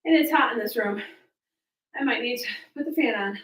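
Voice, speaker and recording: Breathless high-voiced woman fitness coach. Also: fairly quick, fairly bright tone, reverberant, recorded from a distance, poor audio. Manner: counting reps and cueing moves while exercising. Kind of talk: coaching a live home workout. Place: small hot room at home.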